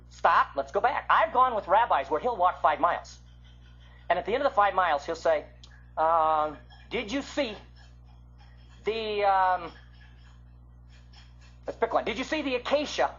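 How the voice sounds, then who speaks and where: Husky-voiced man teaching a sermon. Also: high voice. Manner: animated, acts out voices of biblical figures. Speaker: Bible teacher. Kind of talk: teaching sermon with acted quotes. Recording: muffled lo-fi recording of a talk.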